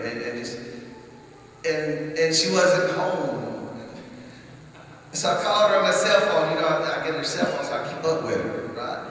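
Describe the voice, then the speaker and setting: A man's voice: a little high, a bit bright, a little hiss or hum. Rambling storyteller man in an echoey hall. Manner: rambling, folksy, full of "you know" asides. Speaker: singer-songwriter telling a story on stage. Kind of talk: storytelling to a live audience. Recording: echoey hall, distant mic, faint music.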